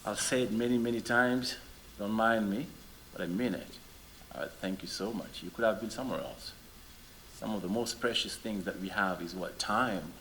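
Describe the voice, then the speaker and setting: A middle-aged Senegalese man, a musician whose first language is not English, chatting with a live audience between songs, animated and full of rhetorical questions. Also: fairly low pitch, moderate pace, slight background noise.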